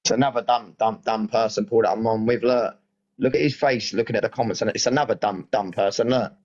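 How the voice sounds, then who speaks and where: This British man sounds exasperated as he pleads with his livestream audience, saying the same things over and over. His voice is on the low side and a little mellow, with fairly even intonation and a quick pace, and the recording has its highs cut off.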